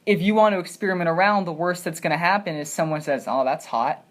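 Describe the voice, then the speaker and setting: Woman, podcast host, lowish voice, playful, rambling, casual. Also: quick pace. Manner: joking, rambling, playful provocation. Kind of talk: casual chat.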